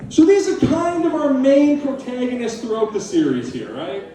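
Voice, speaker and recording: A man's voice: very high voice, wildly swooping pitch, moderate pace, warm tone, a little hiss or hum. A male stand-up comedian on stage at a live comedy venue, manic, profane and sardonic. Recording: echoey live room, from a distance.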